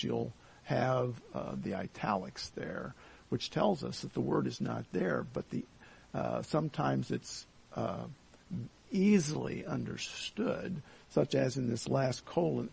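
A man teaching a verse-by-verse Bible lesson, speaking slowly and deliberately with many pauses and fillers. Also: mid-range voice, animated, gravelly, darkish tone, husky.

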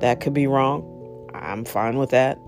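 Relaxed monologue voice, chatty and digressive, livens up on anecdotes; soft guitar bed. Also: medium pitch, unhurried. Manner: rambling, many fillers and asides; animated when retelling exchanges. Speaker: monologue speaker. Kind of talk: casual storytelling and advice.

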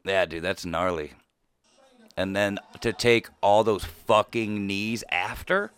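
A man's voice: fairly low pitch, slow, fairly bright tone, clean tone. A man co-hosting a podcast, talking loosely and swearing freely in casual chat. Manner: loose, profane, rambling. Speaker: podcast co-host.

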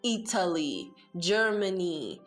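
A woman's voice: fairly low pitch, sing-song, takes it slowly, faint music behind. A young woman telling a story casually, chatty and profane, switching between Swahili and English.

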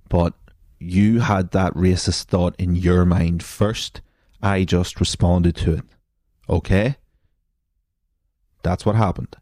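A man's voice: sits low, darkish tone, dry recording. A man hosting a comedy podcast, reading out social media posts and mocking them with sarcastic, profane asides. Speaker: podcast host.

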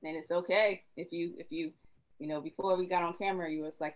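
A woman's voice: on the low side, fairly even intonation, quick pace, dull audio. A woman therapist speaking earnestly in a panel discussion, choked up and emotional.

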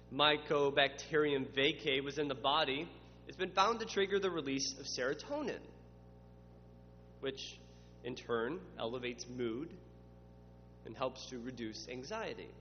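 A man's voice: mid-range voice, unhurried, faint music behind. A man preaching a sermon, building to emphatic spoken lists. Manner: dramatic voices for quoted questioners, builds to emphatic lists. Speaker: pastor. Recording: muffled, with long reverb and faint hum.

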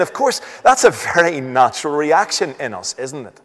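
A man's voice: a little high, sing-song, moderate pace, few pauses, sharp tone, in a large hall. A man preaching a sermon, asking rhetorical questions, reading scripture aloud and stressing points emphatically.

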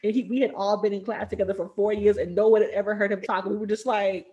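A woman telling a story in casual chat, animated and laughing often, acting out the people she quotes. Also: mid-range voice, quick pace, rough recording.

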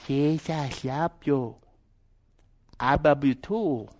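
A man voicing a gentle woman who speaks slow, soft, halting broken English. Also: a little high. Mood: tender.

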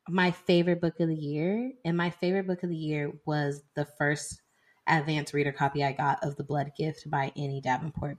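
A woman in her twenties, co-hosting a casual book chat and chatting with lots of "like" and "y'all.". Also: deep voice. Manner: chatty, heavy use of "like" and "y'all". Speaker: podcast co-host.

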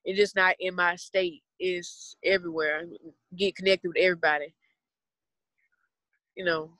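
A woman's voice: on the low side, fairly even intonation, normal speed, sharp tone, no room sound. Dry-voiced young Southern woman. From Southern United States. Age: 20s. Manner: rambling, earnest, talks about spirituality. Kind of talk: casual podcast chat.

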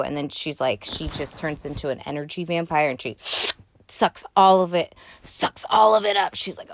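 A young woman hosting a podcast, recapping a film in a casual, profane, animated way with sassy asides. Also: on the low side, dry recording, clean studio sound. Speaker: podcast host.

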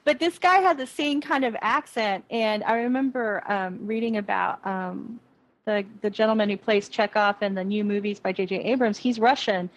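A woman's voice: mid-range voice, normal speed, low-quality recording. A woman co-hosting a podcast, chatting casually about a TV episode in a rambling way with many restarts. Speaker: podcast co-host. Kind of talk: casual chat reviewing a TV episode.

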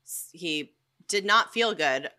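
A young woman co-hosting a podcast in casual chat, telling the story in a halting, rambling way with many ums. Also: fairly low pitch, expressive, bright, forceful tone. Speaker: podcast co-host.

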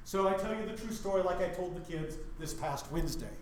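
A man's voice: high voice, a little fast, echoey room, slight background noise. A middle-aged man from Wyoming, a pastor teaching a Bible study in a church, who keeps asking his listeners questions. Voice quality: animated, questioning the audience.

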